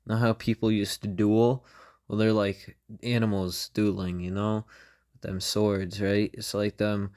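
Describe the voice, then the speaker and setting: A young man with a fairly low voice talks through a comedic podcast monologue. He wanders from thought to thought and keeps checking in with "you know?" and "right?" all the way through. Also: flat delivery, measured pace, a little mellow. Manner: meandering, constant "right?" and "you know?" tags. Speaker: podcast host.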